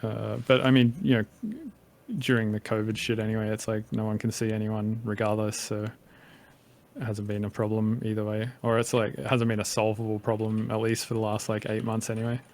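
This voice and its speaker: A man's voice: fairly low pitch, level tone, brisk, darkish tone. A man from Australia with a light Australian accent, chatting as a podcast guest, rambling with lots of fillers and casual swearing. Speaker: podcast guest, music producer. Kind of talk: casual conversation.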